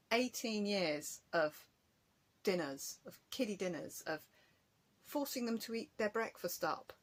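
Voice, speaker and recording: A woman, chatting casually in a rambling, self-mocking way for her craft vlog at home. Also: medium pitch. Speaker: craft vlogger. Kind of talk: casual chat.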